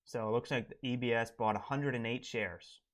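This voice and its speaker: A man's voice: mid-range voice, steady tone, normal speed. A man streaming live as a day trader, talking casually and thinking aloud, his voice dropping to mumbled asides as he reads charts and headlines. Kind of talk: live trading commentary.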